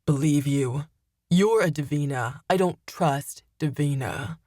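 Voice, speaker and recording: Female narrator plays a cold, deep-voiced demon man; slow and menacing, loud outbursts. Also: no echo, studio quality. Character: cold vengeful male demon father.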